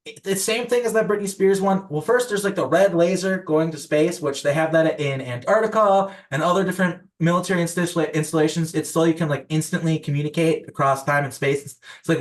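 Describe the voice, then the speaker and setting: Young male podcast guest, rambling storyteller, slightly higher pitch, loose casual delivery. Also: brisk. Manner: rambling, filler-heavy, many restarts.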